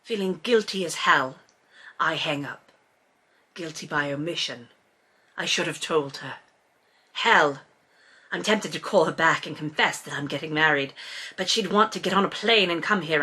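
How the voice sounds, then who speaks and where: A brooding, well-off English gentleman, as a woman puts him on. The put-on British accent sits low and hushed, and the reading is gloomy and clipped. A bright, forceful edge carries through the voice. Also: moderate pace, husky, heavily acted. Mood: guilty. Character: brooding wealthy English man, first-person narrator. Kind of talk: dramatic reading of a novel.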